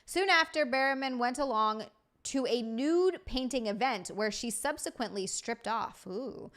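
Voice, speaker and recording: A young adult woman hosting a casual chat show, chatty and quick to laugh as she reads out viewer messages. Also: on the high side, animated, a bit bright. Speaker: host.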